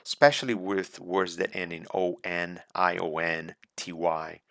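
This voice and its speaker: A low-voiced man with a gravelly edge teaches students for a speaking exam, recorded close in a dry room. He talks deliberately, repeating his main points as he coaches. English is not his first language. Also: fairly even intonation, fairly bright tone, no echo. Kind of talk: recorded slideshow lecture.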